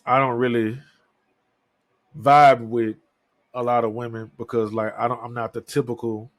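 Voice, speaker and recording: Flat in delivery and medium in pitch, this thirtysomething man talks at normal speed in a casual solo podcast monologue. He's candid, rambling, and quick to curse, and the audio has no room sound.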